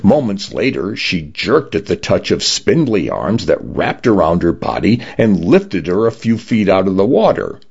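A man reading a story aloud as an expressive audiobook narrator. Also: deep voice, measured pace, gravelly, few pauses, breathy edge. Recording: dull lo-fi recording.

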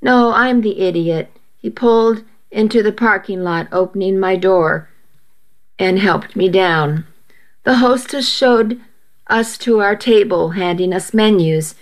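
A woman narrating a first-person story aloud in a steady, measured way. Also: mid-range voice.

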